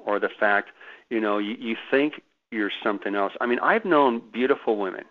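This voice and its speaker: Animated man storytelling over a phone line. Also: lowish voice, moderate pace. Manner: animated, emphatic storyteller who repeats words. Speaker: guest author. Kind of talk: radio interview.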